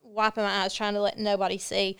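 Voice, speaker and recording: A woman guest in a podcast interview, telling a personal story in an earnest, candid way with halting fillers. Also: medium pitch, flat delivery, a bit bright, clean tone.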